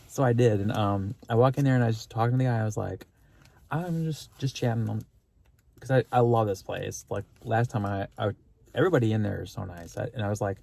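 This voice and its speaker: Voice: medium pitch, fairly quick, vocal fry, mellow. A vlogger telling a story in a rambling, gushing way, with many fillers and restarts and an earnest, spiritual tone. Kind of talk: casual storytelling vlog.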